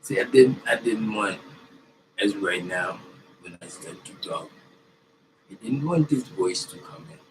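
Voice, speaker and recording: Slow, rambling man far from the mic. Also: fairly low pitch, animated. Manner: erratic, swings from mumbled to loud bursts of chanted commands. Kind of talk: improvised motivational self-help talk. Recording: distant mic with noisy ambience.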